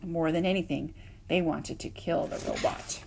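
A woman reading a children's novel aloud, with expressive, lively narration and voiced sound effects. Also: sits low, normal speed, vocal fry, noisy background. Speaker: audiobook reader. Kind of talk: storybook read-aloud.

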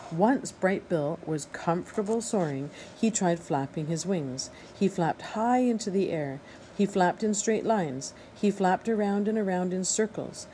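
A woman reading a children's novel aloud in a steady, expressive narration. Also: fairly low pitch, slight background noise, rough recording. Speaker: audiobook reader. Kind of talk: storybook read-aloud narration.

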